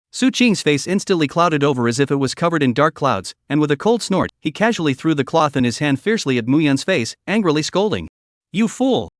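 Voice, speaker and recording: A text-to-speech male voice narrating a story recap with an even, machine-like reading. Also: fairly high pitch, no room sound, clean studio sound.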